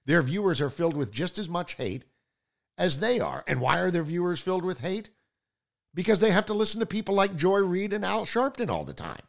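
A man hosting a political talk show, delivering combative, sarcastic commentary that swings between loud outbursts and low mutters. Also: big pitch swings, a little fast, gravelly.

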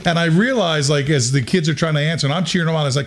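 A middle-aged man hosting a podcast, telling a story in a casual, animated way and acting out quotes with bursts of laughter. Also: a little high, fast, creaky, hardly any pauses. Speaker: podcast host.

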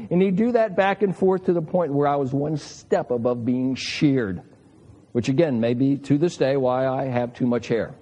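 A man's voice: on the high side, normal speed, darkish tone. A man in his sixties preaching a sermon to fathers, earnest and emphatic, telling stories and asking rhetorical questions. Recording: long hall reverb.

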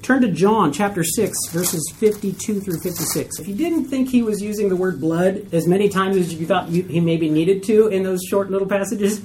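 A woman teaching a Bible study class to a group, animated and acting out skeptical listeners' reactions. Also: medium pitch, normal speed, few pauses, a little hiss or hum. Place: room with a group.

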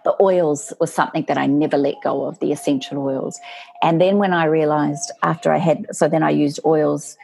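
Gravelly low-voiced woman storyteller. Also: moderate pace, slight background noise. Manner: lively, animated storyteller who acts out quotes. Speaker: guest. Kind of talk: storytelling in casual chat.

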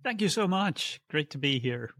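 Middle-aged man, psychic guest; halting, restarts often, wry chuckles; dry close mic. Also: on the high side, expressive, fairly bright tone, dry recording. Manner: hesitant, many fillers and restarts, wry chuckles. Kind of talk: conversational storytelling.

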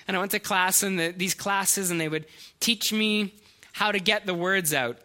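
A middle-aged man preaching a sermon in a high, very bright voice. He tells stories earnestly and sometimes stops and restarts a sentence. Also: normal speed. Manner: earnest storytelling preacher, slight hesitations and restarts. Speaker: pastor.

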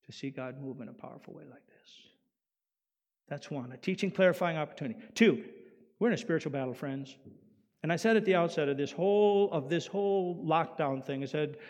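A male pastor preaching a sermon in an animated way, swinging from loud emphasis down to quiet. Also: on the high side. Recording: long hall reverb.

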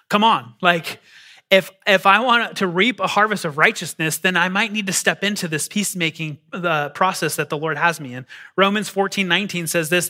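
A man preaching a sermon to a congregation, animated and repeating words as he goes. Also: high-pitched. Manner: animated, repeats words, acts out quoted voices. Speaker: pastor. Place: church hall before a congregation.

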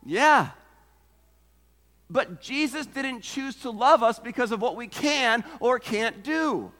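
A man's voice: very high voice, a bit bright, long reverb tail. A man preaching a sermon as pastor, earnest and emphatic, who asks rhetorical questions and repeats phrases for effect.

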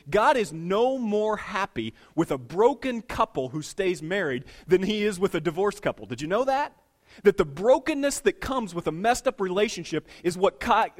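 A middle-aged man preaching a sermon as pastor, telling everyday stories and swinging between hushed remarks and loud, emphatic lines. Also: on the high side.

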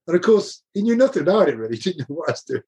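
A man's voice: high voice, big pitch swings, rapid-fire, mellow, slightly rough. An older man, a former rugby coach, telling anecdotes in a casual interview, laughing often and restarting his sentences.

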